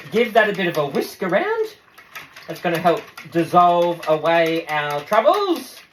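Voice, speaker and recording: A man's voice: high-pitched, a bit bright, slight background noise. A man with an Australian accent giving a casual cooking demonstration, chatty and upbeat and talking straight to his viewers.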